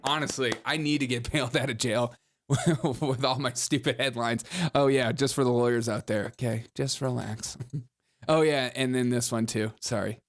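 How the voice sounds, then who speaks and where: A man's voice: mid-range voice, steady tone, moderate pace. A man hosting a live-streamed political commentary show, reading headlines and super chats with sarcastic jokes and frequent laughter at his own lines.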